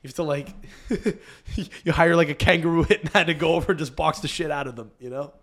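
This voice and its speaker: A man's voice: on the high side, a little fast, fairly bright tone. A man hosting a casual podcast, rambling and swearing freely, with frequent restarts. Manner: rambling, profane, restarts often. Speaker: podcast host.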